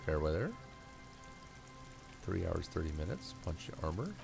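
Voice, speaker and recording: A man's voice: low-pitched, big pitch swings, measured pace, gravelly. A man casually playing a video game, reading its text aloud with chatty asides. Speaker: gamer playing through a game. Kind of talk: casual let's-play commentary and reading aloud. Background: game music.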